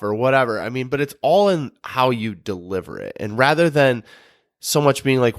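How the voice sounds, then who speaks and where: A man's voice: mid-range voice, moderate pace, no room sound, studio quality. Earnest man giving relationship advice. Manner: earnest, relaxed, restarts a lot. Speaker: podcast co-host. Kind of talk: casual advice talk.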